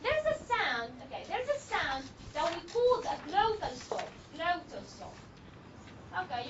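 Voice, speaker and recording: A woman with an extremely high-pitched voice is heard in a muffled recording with a noisy background. A phonetics teacher, she lectures her class, repeating her points and frequently asking questions to make sure students are following.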